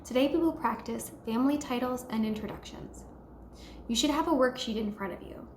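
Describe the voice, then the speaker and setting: A woman giving a slow, patient beginner language lesson, modeling each word and encouraging listeners to repeat after her. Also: fairly high pitch, slight background noise. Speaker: language teacher. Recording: echoey room with faint ambience.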